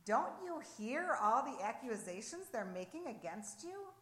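A woman reading aloud as an imperious Roman governor, a troubled man who pushes his questions in a raised, demanding voice. The sound is roomy and echoey, and the delivery is slow and weighty. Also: fairly high pitch, very animated, fairly bright tone. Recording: roomy echo.

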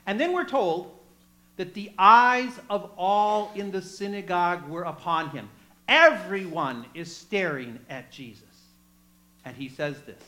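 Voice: medium pitch, lively intonation, measured pace, sharp tone, rough recording. A preacher giving a sermon, retelling a story with chatty asides to the congregation and acting out the voices in it. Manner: acts out quoted voices.

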